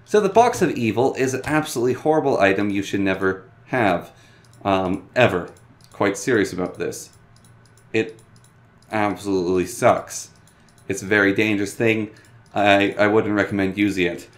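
A man hosting a casual, joking game tutorial in a playful manner. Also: normal speed. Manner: playful and joking, bouncing pitch.

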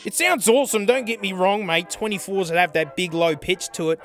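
A young man hosting a drum vlog, talking casually and excitably, going from low mutters to loud outbursts. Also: fairly quick, soft background music. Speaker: drum channel host.

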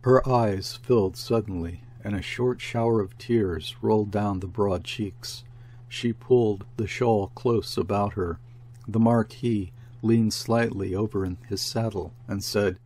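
A man narrating a classic literary story aloud in a measured, deliberate way. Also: on the low side, fairly even intonation, darkish tone, breathy edge. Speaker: audiobook narrator. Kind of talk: literary audiobook reading.

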